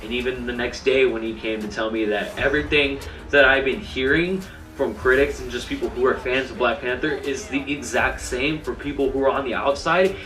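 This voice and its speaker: Excited young man reviewing a film. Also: mid-range voice, a little fast, far from the mic. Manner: enthusiastic, rambling with many fillers and restarts. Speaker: movie reviewer. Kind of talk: casual spoken film review. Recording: roomy, off-mic sound with faint music.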